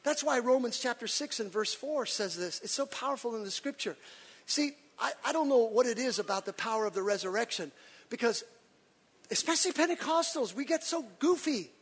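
A man preaching to his congregation with a high, bright, slightly breathy voice that leaps up and down as he acts out little scenes. He swings from hushed asides to shouted exclamations. His words ring out with a long reverb in a big church hall. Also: a little fast. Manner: animated, preacherly, acts out quotes with shouts and laughs. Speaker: pastor. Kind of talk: sermon.

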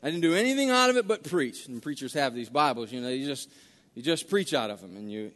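A man preaching as a guest pastor, folksy and halting, with many restarts. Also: mid-range voice, expressive, fairly bright tone. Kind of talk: sermon with storytelling. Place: church sanctuary. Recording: long church-hall reverb.

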